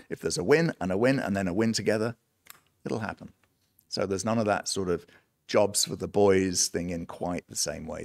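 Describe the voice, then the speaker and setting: Man, British accent, middle-aged, very low voice, dry sound, animated storyteller, laughs often. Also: vocal fry, no echo. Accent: British, mostly, after long years in the United States. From United Kingdom. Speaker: guest, entrepreneur and songwriter. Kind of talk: casual interview talk.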